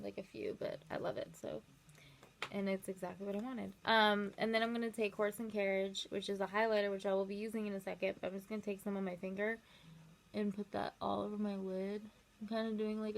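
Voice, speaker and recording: A young woman with a gravelly, fry-laced voice talks through her makeup routine in a loose, rambling way. She fills her sentences with "like" and quick asides, and she sounds chatty and unscripted. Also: mid-range voice. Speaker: makeup vlogger. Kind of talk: casual chatty storytelling while doing makeup.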